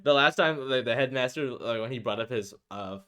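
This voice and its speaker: A man giving casual, slangy, excitable commentary while reading a game aloud. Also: medium pitch, brisk, clear, resonant tone. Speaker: game streamer. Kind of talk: casual let's-play commentary.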